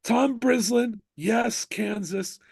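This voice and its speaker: Musician guy from the states, gravelly and kinda husky, gets all fired up telling stories in a chatty interview. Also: extremely high pitch, slow pace, no echo. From United States (Miami). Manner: animated storytelling with bursts of excitement. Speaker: musician guest. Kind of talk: casual interview chat.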